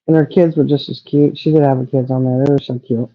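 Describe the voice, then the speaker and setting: A woman's voice: a bass voice, fairly even intonation, fast, dry recording, muffled recording. A middle-aged woman chatting casually as a livestream co-host, rambling and trailing off as she talks. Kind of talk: casual chat.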